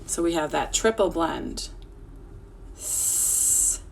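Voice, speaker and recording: Patient woman teacher spelling slowly, gravelly. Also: low-pitched, slight background noise. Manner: patient, encouraging, sounds words out letter by letter. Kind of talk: slow, clear spelling lesson for children. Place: home, remote teaching.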